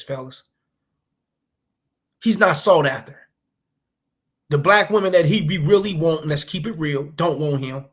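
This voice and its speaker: A man with a slightly high, fairly bright voice talks a little slowly and pauses often. As a commentary vlogger, he offers casual, blunt, profane reactions while lecturing other men with preachy advice.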